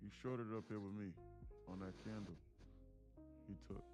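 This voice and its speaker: A man with a lowish voice hosts a live trading stream, talking bluntly and casually. He coaches viewers directly. Faint music plays behind him. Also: fairly even intonation, normal speed. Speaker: day-trading livestream host.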